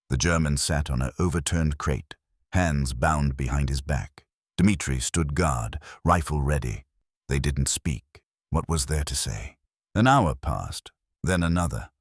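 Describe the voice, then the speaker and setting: A man narrating a scripted story in a slow, solemn, measured way. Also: extremely low pitch, no echo, clean studio sound.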